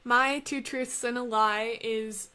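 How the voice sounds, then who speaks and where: A woman's voice: fairly high pitch, steady tone, slow, bright, forceful tone, smooth. A young woman co-hosting a podcast in casual chat, giggly and a little hesitant. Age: young adult. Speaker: podcast co-host.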